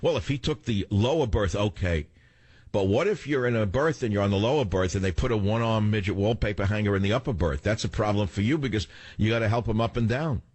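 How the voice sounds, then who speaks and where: Older male talk-radio host, slightly low voice, theatrical and wisecracking, dry studio mic. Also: quick pace, a little mellow, no room sound. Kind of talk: talk radio chat and monologue.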